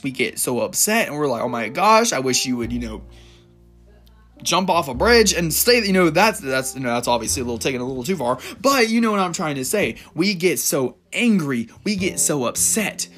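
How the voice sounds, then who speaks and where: A man's voice: fairly high pitch, a bit bright. A man giving an informal devotional talk, reading Bible verses and rambling a little as he laughs at himself. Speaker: Christian encouragement speaker.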